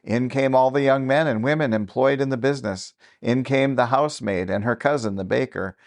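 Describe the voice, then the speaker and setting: A man narrating a classic novel as an audiobook, with steady, even-paced storytelling. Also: mid-range voice, brisk.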